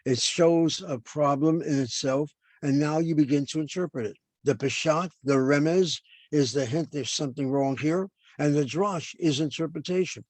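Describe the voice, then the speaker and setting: A man's voice: fairly high pitch, darkish tone, no room sound. An older man lecturing as a professor over a video call, explaining points and then asking and answering his own questions.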